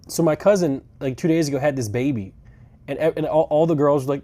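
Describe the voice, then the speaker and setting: A man's voice: fairly high pitch, fast, warm tone. A young man live-streaming from a rental car, chatting casually, rambling and swearing, with dry sarcastic asides. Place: inside a rental car on a road trip.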